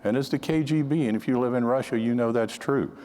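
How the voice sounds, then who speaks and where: A man's voice: mid-range voice, fast, big-room sound, background noise. An older man speaking at a conference, telling counterintelligence anecdotes in a conversational way, often restarting his sentences. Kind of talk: storytelling talk to an audience.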